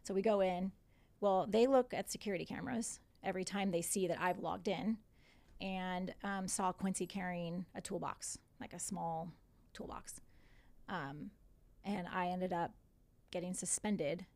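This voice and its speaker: Gravelly-voiced woman telling a story. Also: fairly low pitch, unhurried. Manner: animated retelling with quoted dialogue and swearing. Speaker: podcast guest, teacher. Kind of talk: casual storytelling in conversation.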